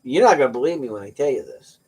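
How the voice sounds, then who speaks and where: A man's voice: mid-range voice, big pitch swings, quick pace, a little mellow, husky. A middle-aged man hosting a livestream, chatting casually with viewers and telling rambling, joking stories. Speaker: livestream host.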